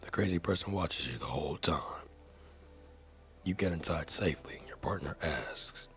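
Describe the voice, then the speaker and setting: A man's voice: very deep voice, lively intonation, normal speed, lo-fi sound. A man earnestly reading a viewer comment aloud, carefully and with dramatic stresses.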